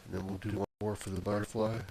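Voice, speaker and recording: A man's voice: fairly low pitch, little pitch movement, fast talker, a little mellow, a little hiss or hum. A man casually narrating his own screen recording into a desk microphone, rambling with fillers and restarts. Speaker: video blogger. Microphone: plugged-in desk microphone.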